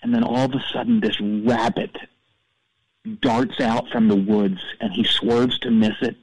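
A man playing a husky, vain radio DJ. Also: on the low side, fairly even intonation, measured pace, darkish tone, dry recording, rough recording. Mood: deadpan. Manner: rambling storyteller, stammering restarts. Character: vain male radio DJ, cold and self-absorbed. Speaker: caller. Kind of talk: comedic call-in character bit.

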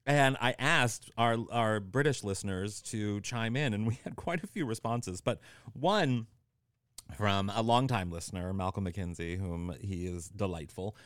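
A man co-hosting a podcast in casual chat, playful and quick to laugh. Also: lowish voice, dry recording, studio quality. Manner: animated, playful, laughs often. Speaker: podcast co-host.

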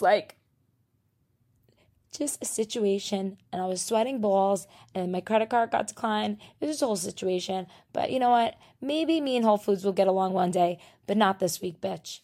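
A young woman in her twenties from New Jersey, hosting a casual solo podcast. She rants about her week in profane, animated bursts with laughter, while sick. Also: medium pitch. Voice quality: profane, animated ranting with laughs and loud outbursts. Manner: drops to near-whisper while partner is downstairs. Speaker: podcast host.

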